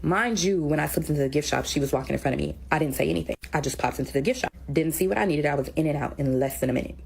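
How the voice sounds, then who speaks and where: A woman telling a personal story in a quick, conversational way, acting out what people said. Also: low voice, gravelly, darkish tone, breathy edge, low-quality recording. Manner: rapid, conversational, recounting dialogue.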